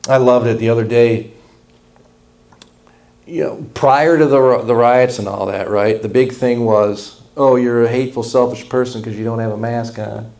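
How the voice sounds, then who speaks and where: A pastor preaching a sermon in a blunt, folksy, impassioned way. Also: male voice, mid-range voice, steady tone, moderate pace, a little mellow.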